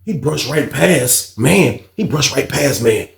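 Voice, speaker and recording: A man casually telling a story from his own life in a slangy, animated way, acting out the people in it. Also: medium pitch, takes it slowly, gravelly, roomy sound.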